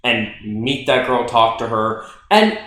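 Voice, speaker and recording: A man's voice: mid-range voice, big pitch swings, slow pace, sharp tone. A young man co-hosting a podcast, chatting loosely and joking, with many filler likes. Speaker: podcast co-host. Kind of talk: casual chat. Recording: very echoey room.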